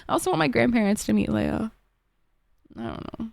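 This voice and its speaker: Speaking at a moderate pace, this young woman from Egypt has a slightly high, gravelly voice whose pitch swoops wildly. She's a streamer at her home desk, chatting with viewers, peppering her speech with "like" and frequent swearing. The recording is dry, with clean studio sound.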